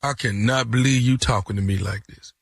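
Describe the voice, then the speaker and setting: A man on a radio morning show making a prank phone call, loud, indignant and teasing. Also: mid-range voice, fairly even intonation, a little fast, gravelly, breathy edge, dry recording, studio quality.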